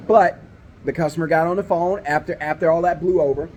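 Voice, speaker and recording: A man delivering business advice straight to camera, sounding like a hands-on company owner coaching his peers. His voice sits slightly high for a man, and he drives points home by repeating them. He keeps the tone emphatic and brotherly, often checking in with a quick "right?". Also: a little mellow, a little hiss or hum.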